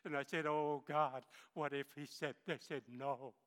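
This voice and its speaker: A man's voice: fairly high pitch, steady tone, measured pace, fairly bright tone, big-room sound. A man, giving an impassioned sermon testimony as a guest speaker in a church. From northern Philippines. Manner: impassioned storytelling. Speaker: missionary pilot, guest speaker.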